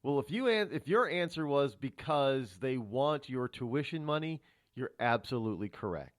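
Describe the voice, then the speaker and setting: Lively, lecturing talk radio host. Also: male voice, mid-range voice, moderate pace, no room sound, studio quality. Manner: lecturing, rhetorical questions, restarts. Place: radio studio. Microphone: studio microphone.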